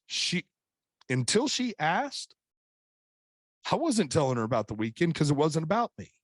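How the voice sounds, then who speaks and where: A man's voice: mid-range voice, dry recording. A middle-aged man with an ordinary mid-range voice speaks as a podcast guest, earnest and open, circling back with repeated "and, and" starts as he builds his story. His voice is recorded close and dry, with no room sound. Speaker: podcast guest, author and coach. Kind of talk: casual chat.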